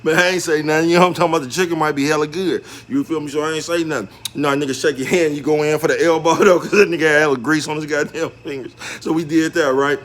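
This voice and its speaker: A man's voice: on the high side, steady tone, rapid-fire, hardly any pauses, fairly bright tone. A man telling a street story in casual slang, laughing through his words.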